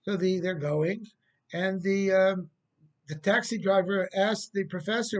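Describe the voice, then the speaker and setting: A rabbi tells a moral story in a gentle, unhurried sermon. His voice sits high for a man. He pauses now and then with small fillers. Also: lo-fi sound.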